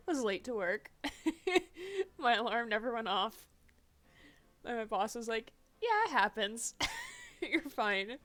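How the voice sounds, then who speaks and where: A woman's voice: a little high, very animated, slow pace, long pauses, a bit bright. A young woman streaming a game, chatting casually and laughing often. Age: young adult. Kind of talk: casual let's-play chat.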